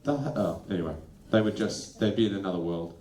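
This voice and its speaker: A man presenting a lively workshop to school leaders, animated and acting out quick snippets of dialogue. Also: low-pitched, a little hiss or hum. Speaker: education consultant presenting a workshop. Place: training venue. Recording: echoey room.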